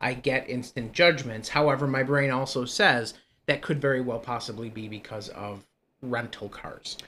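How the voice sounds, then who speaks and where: A man's voice: mid-range voice, normal speed, pushed and bright, a little hiss or hum. A man co-hosting a casual podcast, telling rambling, jokey stories on a mic he shares with his co-hosts. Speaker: podcast co-host. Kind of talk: casual chat. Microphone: one mic shared among hosts.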